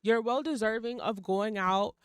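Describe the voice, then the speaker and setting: A young adult woman hosting a casual solo podcast, blunt and animated, swearing freely as she talks herself through things. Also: fairly high pitch, unhurried, clear, resonant tone, dry recording, clean studio sound. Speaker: podcast host.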